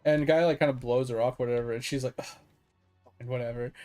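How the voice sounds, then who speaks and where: A man's voice: mid-range voice, fairly even intonation, very fast, a little mellow, faint music behind. A man streaming a game and chatting casually, rambling through stories and swearing freely. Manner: rambling, chuckling storyteller who swears freely. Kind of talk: casual chat while gaming.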